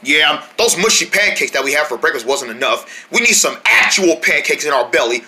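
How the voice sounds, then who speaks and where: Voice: mid-range voice, animated, fairly quick, sharp tone. A performer voicing a chatty, rambling heroic squirrel who acts as a big brother in a hobby toy-play story. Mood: playful.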